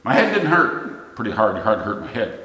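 A man's voice: fairly low pitch, big pitch swings, moderate pace, bright, forceful tone. A middle-aged man preaching a sermon, telling a plain-spoken, folksy story. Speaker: pastor. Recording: echoey hall, long reverb.

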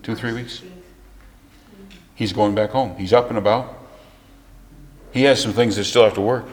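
A man preaching a sermon as pastor, moving from soft, confiding storytelling to rising, emphatic declarations. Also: fairly low pitch, steady tone, normal speed, long pauses, reverberant, long reverb tail.

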